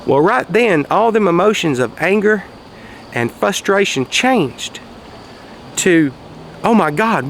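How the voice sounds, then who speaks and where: Man, folksy casual storyteller, gravelly, outdoors with faint street noise. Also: on the high side. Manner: folksy, raises his voice for quoted shouts. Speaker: vlogger telling a story. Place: outdoors, quiet spot near traffic.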